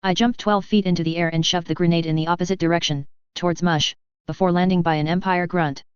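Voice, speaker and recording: A woman reading a first-person fan fiction story aloud in a steady narrating voice. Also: on the low side, fast, clean tone, no echo. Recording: dull lo-fi dry recording.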